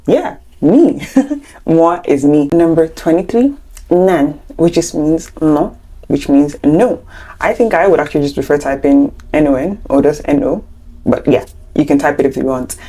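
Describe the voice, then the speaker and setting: A woman with a low, mellow voice teaches a language lesson to camera. She explains each point step by step and chats along with light, playful asides. She sounds young and relaxed. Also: moderate pace. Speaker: French teacher.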